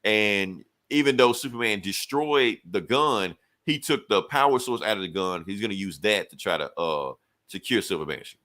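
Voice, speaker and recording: A man's voice: on the low side, expressive, normal speed, bright, forceful tone. A man on a podcast giving a loose, slangy recap of a comic book, full of fillers and swearing, quoting the characters along the way. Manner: retells scenes by briefly quoting the characters. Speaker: podcast co-host reviewing comics.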